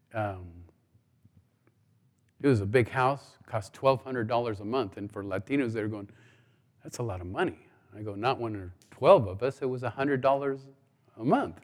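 A man's voice: medium pitch, a little mellow. Man, guest preacher, middle-aged, humorous storytelling, acted-out dialogue, long hall reverb. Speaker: guest speaker. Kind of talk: sermon testimony.

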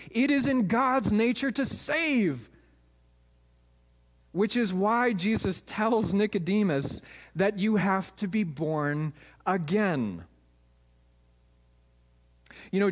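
Man preaching in a reverberant hall. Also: high voice. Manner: storytelling, emphatic. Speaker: pastor. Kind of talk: sermon.

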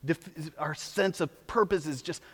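A man preaching a sermon as pastor, animated, sometimes mocking the voices of opponents. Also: a little high, unhurried, slightly rough, in a large hall.

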